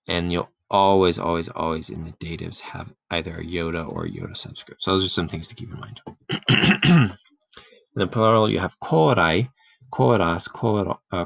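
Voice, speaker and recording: A man giving a relaxed, casual grammar lesson, full of fillers and restarts, who often clears his throat. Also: sits low, no echo. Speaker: Greek teacher. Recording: dull, dry home recording.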